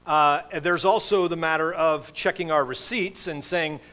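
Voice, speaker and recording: Middle-aged male pastor, slightly high voice, loose conversational sermon with fillers and self-corrections. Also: steady tone, unhurried, pushed and bright. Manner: casual, rambling delivery with many fillers and restarts.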